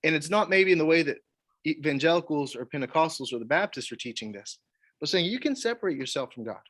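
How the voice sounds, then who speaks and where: A man, leading a church Bible study, animated and acting out quoted voices. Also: a little high, fast talker. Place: church meeting room.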